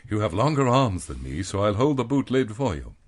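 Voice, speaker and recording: A man's voice: fairly low pitch, sing-song, fairly quick. A man reading a storybook, voicing a flustered English village woman who speaks fussily and apologetically. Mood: fussy.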